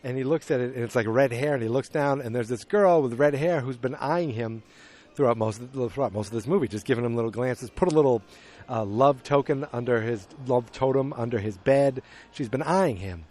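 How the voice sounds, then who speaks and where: Male podcast host, casual rambling recap, mid pitch. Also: brisk, darkish tone. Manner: rambling, restarts, acts out characters' lines.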